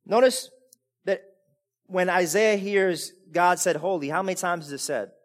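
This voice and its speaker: Preaching at a measured pace, a high-voiced male pastor moves energetically from quiet asides to loud, emphatic high points. His sermon is full of stumbles and repeated words as he begins thoughts again.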